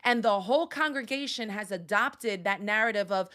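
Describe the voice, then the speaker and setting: On a faith-based live stream, a female counselor preaches emphatically, punctuating her points with exclamations. Her voice sits a little high, with big pitch swings, a sharp tone and normal speed.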